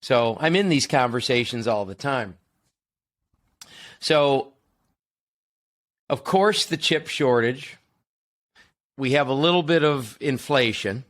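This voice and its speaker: A man's voice: medium pitch, animated, takes it slowly, pauses often, fairly bright tone. An American man hosting a casual podcast, talking things through with asides and restarts. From United States. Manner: conversational, explains with asides and restarts. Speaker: podcast host.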